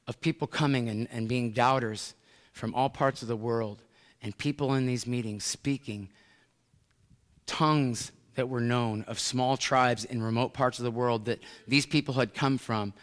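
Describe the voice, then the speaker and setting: A middle-aged American pastor preaching a sermon, telling a story with swings from hushed to loud. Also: male voice, mid-range voice. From United States. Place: large church sanctuary. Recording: long church hall reverb.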